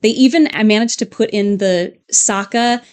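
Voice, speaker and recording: A woman's voice: mid-range voice, moderate pace, darkish tone, clear, resonant tone. A woman co-hosting a casual live stream from a home studio, rambling and chatty with frequent fillers and laughs. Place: home studio with LED lights.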